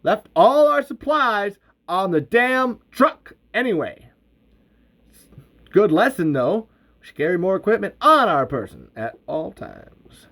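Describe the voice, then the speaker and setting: A man voicing a gruff, blunt male survivalist who grumbles loudly and boldly about guns and supplies. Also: sits high, big pitch swings, unhurried, pitched above the performer's own voice, exaggerated voice.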